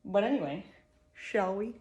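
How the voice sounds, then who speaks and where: A young woman talks casually to camera from her small woodworking shop. Her voice sits at a middle pitch. She is chatty and upbeat and often laughs at herself, with a faint hum of room ambience behind her. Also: lively intonation, a little slow, darkish tone. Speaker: woodworker and small business owner. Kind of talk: casual vlog talk to camera.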